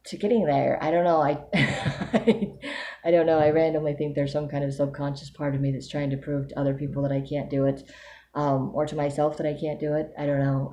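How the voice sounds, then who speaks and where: A woman with a low, mellow voice records a casual video diary. She speaks candidly and reflectively, thinking aloud. A faint hiss sits under her voice. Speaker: vlogger giving a weekly update.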